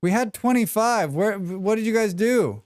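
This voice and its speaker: An American man talks through a live game stream in a loose, rambling way, turning to his chat between reading on-screen tips aloud. His voice sits a little high for a man and comes through smooth and clear. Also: lively intonation, moderate pace, a little mellow. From United States. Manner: chatty, rambling asides to chat, reads tutorial text aloud. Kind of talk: casual live gameplay commentary.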